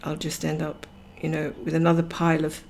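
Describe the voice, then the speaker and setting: Casting: woman host, low gravelly voice, rambling relaxed livestream chatter. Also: fairly quick, slight background noise. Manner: rambling, chatty, laughs often. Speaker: cross-stitch livestream host. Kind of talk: casual chat while stitching, reading viewer comments.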